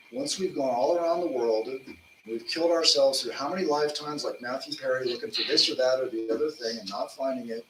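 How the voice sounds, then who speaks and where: A man in his fifties delivers a spiritual talk in a chatty, anecdotal way, his voice slightly high and forceful. The recording is distant and echoey, with faint noise behind him. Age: 50s. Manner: storytelling, informal with fillers. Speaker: monk giving a spiritual talk. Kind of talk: conversational sermon. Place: temple lecture hall. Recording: roomy hall, distant mic, faint noise.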